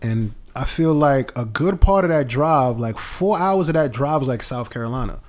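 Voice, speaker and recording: New York guy co-hosting a loose podcast, lively storyteller with a jumpy voice. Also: mid-range voice, moderate pace. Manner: animated storyteller, acts out quoted voices. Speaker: podcast co-host. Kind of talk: casual chat.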